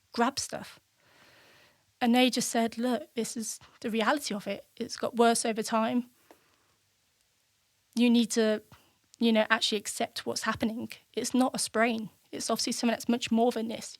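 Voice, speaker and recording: A woman in her thirties from the UK speaks as a podcast guest, telling her story candidly and replaying remembered conversations. Her voice sits a little high with little pitch movement. The recording is dry and close, with no room sound. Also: no echo. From United Kingdom. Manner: candid, reflective, acts out remembered dialogue. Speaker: podcast guest, military veteran. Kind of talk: personal storytelling in an interview.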